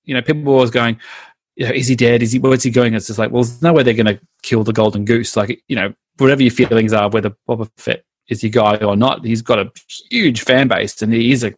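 A man's voice: mid-range voice, steady tone, fast talker, no echo. An Australian man co-hosting a podcast in casual, rambling chat with frequent restarts. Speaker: podcast co-host.

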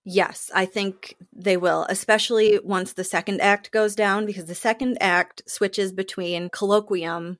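A woman actor in a casual interview, telling the story of a play in an animated way and acting out other people's lines. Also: medium pitch, a little slow, few pauses, dry recording, studio quality.

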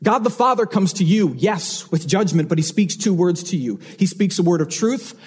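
A man's voice: high-pitched, lively intonation, normal speed, a little mellow, breathy edge. A man preaching a sermon as pastor, earnest and emphatic, repeating key phrases for weight.

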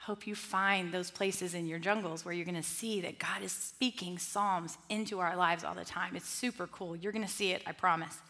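A middle-aged woman leading a Bible study group, talking in a lively, conversational way with asides and restarts. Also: on the low side, normal speed, few pauses. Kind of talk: teaching talk to a group.

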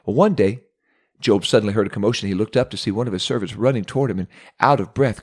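A man's voice: fairly low pitch, fast talker, a little mellow, breathy edge. A male preacher telling a scripture story in a sermon. He builds drama as he narrates and slips into voices for the characters. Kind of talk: sermon retelling a Bible story with acted voices.

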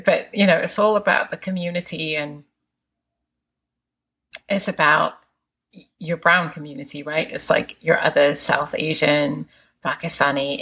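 A woman with a low, deep-set voice talks openly and casually, laughing between thoughts and swearing freely. Her tone carries a gravelly edge and a husky, breathy texture. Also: a bit bright. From England. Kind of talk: candid casual chat.

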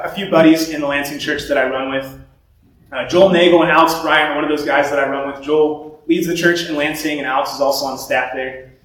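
A young man giving a sermon in a relaxed, conversational way, telling stories and often restarting his sentences. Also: fairly high pitch. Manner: conversational storytelling with repeated restarts. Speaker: preacher. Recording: very echoey room, voice from far off.

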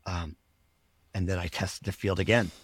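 A man's voice: low-pitched, fairly even intonation, moderate pace, husky, no echo. A man, a podcast guest, telling his personal story in an earnest, reflective way.

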